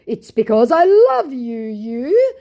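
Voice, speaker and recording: A woman's voice: on the high side, sing-song, mellow, voice pushed up, exaggerated voice. A woman doing a whiny lovesick male scammer. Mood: whiny pleading. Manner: whiny, drawn-out, broken English.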